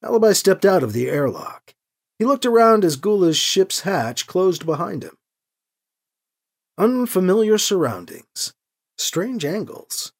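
Male author-host narrator, lively delivery, raspy gravel. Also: high voice. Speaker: host and writer. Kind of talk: audiobook narration.

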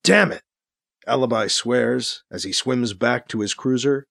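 A man narrating a science-fiction radio drama with a clear storytelling delivery. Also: mid-range voice, fairly even intonation, unhurried, a bit bright, dry recording, studio quality.

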